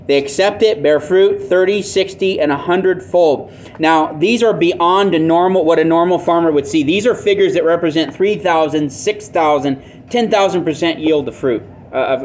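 Earnest male preacher, slightly high voice. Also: a little mellow, a little hiss or hum. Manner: earnest, plainspoken, self-deprecating asides. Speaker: pastor. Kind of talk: sermon.

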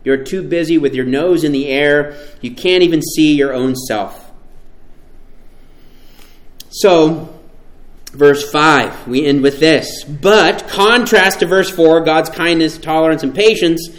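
Male preacher, slightly high voice, animated and emphatic, sermon delivery. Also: slow, reverberant. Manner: animated, emphatic, with rhetorical questions.

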